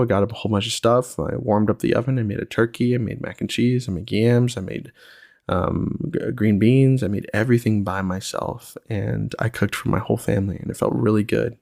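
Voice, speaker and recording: A man's voice: lowish voice, creaky, darkish tone, no echo, clean studio sound. A young man hosting a podcast, talking in a reflective, rambling way with lots of fillers. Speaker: podcast host. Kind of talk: casual solo podcast chat.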